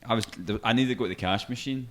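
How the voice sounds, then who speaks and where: A man's voice: medium pitch, quick pace, fairly bright tone. A Scottish man co-hosting a podcast, chatting casually and acting out the voices in his anecdotes. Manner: storytelling, acts out voices with laughter. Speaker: podcast co-host. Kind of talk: casual chat.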